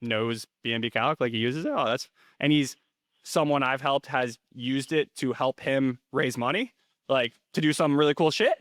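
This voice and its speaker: Guest in his 30s; casual, rambling talker; smooth tone, dry close recording. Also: mid-range voice, moderate pace, fairly bright tone, dry recording. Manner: rambling, filler-heavy, restarts often. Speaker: interview guest, rental investor. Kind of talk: casual interview chat.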